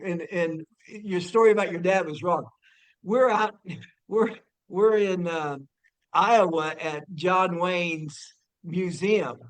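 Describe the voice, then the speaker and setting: A man telling a personal story among family and friends, animated and laughing, with stumbling restarts and bursts of shouting. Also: high-pitched. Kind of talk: casual storytelling.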